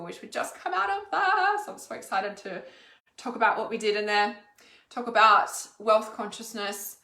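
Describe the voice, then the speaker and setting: Aussie woman chatting on a livestream, higher voice, lots of likes and ums, echoey room. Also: a bit bright. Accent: Australian. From Australia. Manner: chatty, rambling, many fillers. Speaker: intuitive healer hosting a livestream. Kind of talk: casual livestream chat.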